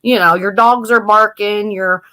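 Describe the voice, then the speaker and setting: Southern woman, animated storyteller, salty casual chatter on a live stream. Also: medium pitch, unhurried. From American South. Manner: animated storyteller, swears freely. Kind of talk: casual chat.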